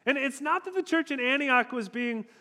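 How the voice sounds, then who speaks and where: A man's voice: very high-pitched, lively intonation, moderate pace, pushed and bright, a little hiss or hum. A male pastor preaching a sermon in a church hall, conversational and emphatic. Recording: long hall reverb.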